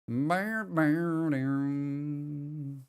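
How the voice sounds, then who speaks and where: A man's voice: fairly high pitch, drawn-out words, smooth. A man streaming a game live, chatting casually with his viewers in a rambling way and often restarting his sentences. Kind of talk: casual livestream chat.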